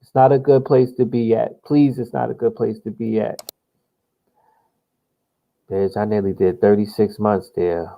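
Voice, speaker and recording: A man's voice: fairly low pitch, animated, a little slow, pauses often, dark tone. A young man from New Jersey, chatting loosely to himself while he plays a political simulation game and swearing casually. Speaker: gamer playing a political simulation. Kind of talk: casual gameplay commentary.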